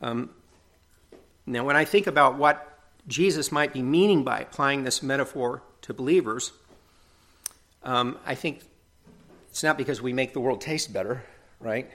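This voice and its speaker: A man's voice: medium pitch, unhurried, pauses often, a bit bright. A middle-aged man preaching a sermon in an earnest, conversational way, often checking in with tag questions.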